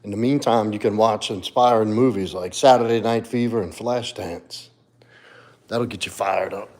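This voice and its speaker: A man's voice: lowish voice, moderate pace, darkish tone. A man hosting a casual livestream, answering viewers in the chat and talking to his dog. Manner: laid-back, talks to his dog and viewers. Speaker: livestream host and fitness coach.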